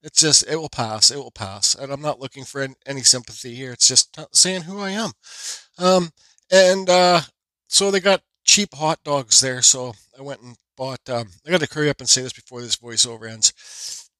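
A man in his forties telling a rambling, animated story in a casual vlog voiceover. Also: mid-range voice, normal speed, no room sound. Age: 40s. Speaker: woodcarving channel host.

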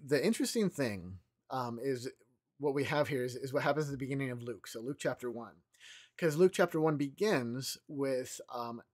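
A man gives a relaxed devotional talk at morning prayer. His voice sits at an ordinary middle pitch. He talks loosely, pausing and restarting as he works through the passage out loud. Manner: loose and conversational, with frequent pauses and restarts. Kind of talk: informal devotional teaching.

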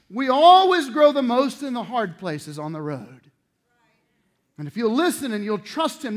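A pastor preaching a sermon, moving between loud emphasis and soft, intimate passages. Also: male voice, very high-pitched. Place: church sanctuary.

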